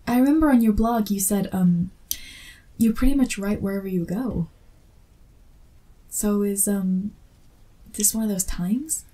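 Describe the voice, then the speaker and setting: A woman's voice: medium pitch, a little slow, long pauses, dark tone, natural voice. A woman voicing an awkward young female fan who meets her favorite author, in a whispered role-play with self-deprecating, apologetic chatter. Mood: flustered.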